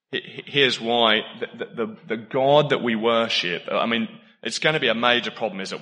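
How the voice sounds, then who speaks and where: A man preaching a sermon in a lively, conversational way, laughing often and jumping into sudden emphatic bursts. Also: medium pitch. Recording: long hall reverb.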